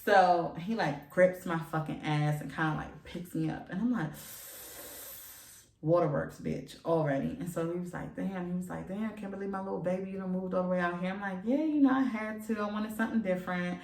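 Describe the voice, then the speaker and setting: A woman's voice: on the low side, brisk, a little mellow, echoey room, far from the mic. A young woman in her twenties telling a frank personal story to her viewers, emphatic and profane. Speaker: vlogger. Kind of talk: candid storytelling. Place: room at home, seated.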